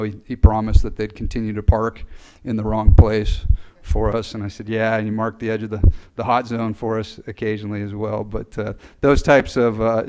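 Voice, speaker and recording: A man giving a graduation address for fire recruits, earnest and halting, with many fillers, speaking into a podium mic. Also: on the low side, darkish tone, smooth, poor audio. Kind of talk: ceremonial speech. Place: ceremony hall.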